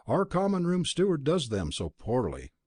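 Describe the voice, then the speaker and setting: A man voicing a calm young male student who answers in a cool, matter-of-fact way, in a storybook reading. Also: on the high side, moderate pace, husky, dry recording, studio quality, pitched above the performer's own voice, exaggerated voice. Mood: unruffled.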